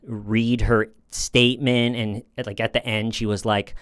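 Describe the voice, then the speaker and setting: A man's voice: mid-range voice, little pitch movement, measured pace, a bit bright, clean tone, dry recording, studio quality. A man hosting a casual commentary, talking in a sarcastic, mocking way. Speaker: commentary host.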